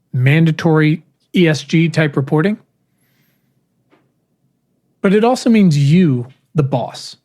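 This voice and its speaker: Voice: medium pitch, a little mellow. A podcast host reading their own essay aloud in an earnest, emphatic way, with casual wry asides.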